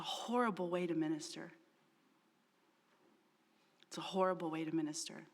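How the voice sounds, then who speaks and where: A woman's voice: on the low side, lively intonation, normal speed, long pauses. A middle-aged woman pastor preaching a sermon in an earnest, emphatic way, repeating key phrases for weight. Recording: long reverb of a large hall.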